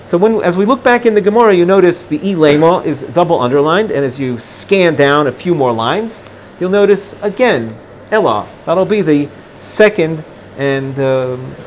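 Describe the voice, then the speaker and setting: Talmud teacher, male, Ashkenazi Hebrew reading, fairly high voice, faint room hum behind. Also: expressive, moderate pace. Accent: Ashkenazi Hebrew pronunciation. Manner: reads Aramaic text then translates, with frequent restarts. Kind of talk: recorded Gemara lesson.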